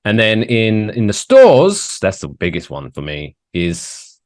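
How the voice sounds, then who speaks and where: A British man chats as a podcast guest, his voice deep but swinging widely in pitch. He tells his gripes with animated, grumbling energy. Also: takes it slowly, dry recording, studio quality. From United Kingdom. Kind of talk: casual chat.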